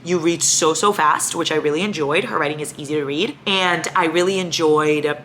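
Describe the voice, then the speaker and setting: A woman's voice: sits low, normal speed, a little hiss or hum. Young woman ranting in a casual vlog. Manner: animated, ranting, swears freely. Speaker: book vlogger. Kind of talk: casual reading vlog chat.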